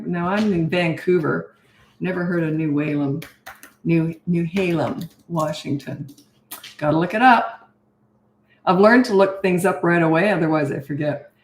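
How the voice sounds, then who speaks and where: An older woman from Canada and Australia, a parenting coach, hosts a live stream, chatting casually, greeting viewers, and laughing often. Her voice is lowish and darkish, with roomy echo on the recording.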